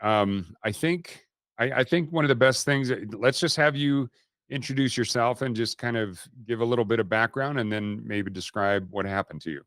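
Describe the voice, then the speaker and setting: A man hosting an interview, introducing his guest in a casual, halting way. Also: mid-range voice, fairly bright tone, no room sound, studio quality. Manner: casual, halting with fillers and restarts. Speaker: podcast host.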